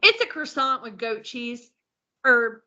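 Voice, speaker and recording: A woman co-hosting a podcast in easy, casual chat, her voice bright and a little high. She reads through a menu and trips over unfamiliar names, laughing at herself as she goes. The audio is muffled and lo-fi. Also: lively intonation, slow pace. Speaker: podcast co-host.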